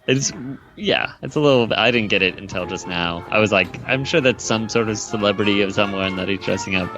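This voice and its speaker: Male podcast co-host, fairly low voice, relaxed casual chat, faint music behind. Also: brisk, lo-fi sound. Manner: relaxed, chimes in with short remarks.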